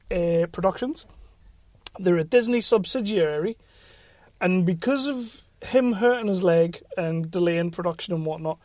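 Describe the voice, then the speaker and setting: A man's voice: sits high, darkish tone, no room sound. A man co-hosting a podcast in casual chat, reading out news, swearing freely and laughing easily. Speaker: podcast co-host.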